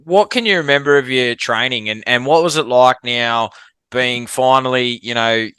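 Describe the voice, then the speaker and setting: A man's voice: medium pitch, moderate pace, bright, forceful tone, clean tone, no room sound. An Australian man hosting a podcast, asking questions enthusiastically and saying "mate" a lot. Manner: enthusiastic, says "mate" often. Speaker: podcast host, firefighter. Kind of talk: casual podcast interview.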